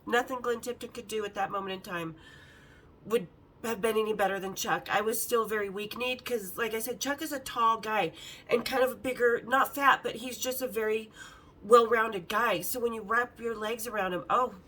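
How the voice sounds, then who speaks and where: Bright-voiced woman telling bawdy stories. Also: fairly high pitch, moderate pace, rough recording. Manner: candid, bawdy and frank; lively, acts out the others' lines in her story. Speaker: podcast host. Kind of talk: casual storytelling.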